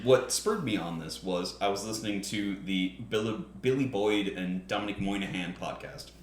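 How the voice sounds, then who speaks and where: A man's voice: on the low side, moderate pace, slight background noise. A man hosting a casual podcast chat, rambling and swearing, with lots of restarts. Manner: rambling, profane, with many restarts. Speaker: podcast host. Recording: echoey room.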